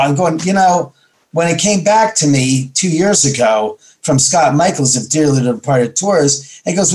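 A man's voice: a little high, expressive, normal speed, darkish tone. A man from Los Angeles, a guest in an interview, telling rambling stories and quoting other people's lines back and forth. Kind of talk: casual interview storytelling.

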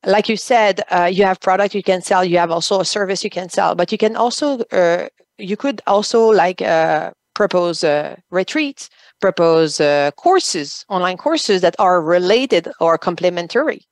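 Woman with a French accent, halting speech. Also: lowish voice, expressive, dry recording. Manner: halting, restarts, searching for words. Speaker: guest, online business coach. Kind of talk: radio interview.

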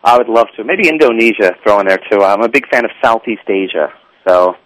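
A man's voice: on the low side, brisk, fairly bright tone, no echo, rough recording. A man being interviewed as a guest, talking about his TV show in an easygoing, agreeable and playful way. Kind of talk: casual interview chat.

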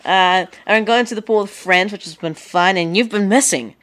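A man's voice: high-pitched, normal speed, fairly bright tone. A man co-hosting a casual tech chat show, giggly and rambling, often tripping over his words. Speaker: co-host.

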